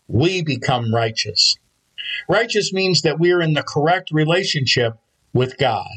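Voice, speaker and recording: A man with a slightly husky voice delivers a sermon, telling stories at an unhurried, measured pace. His voice sits a little higher than most men's. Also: fairly bright tone, rough recording. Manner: measured storytelling preacher. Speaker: pastor.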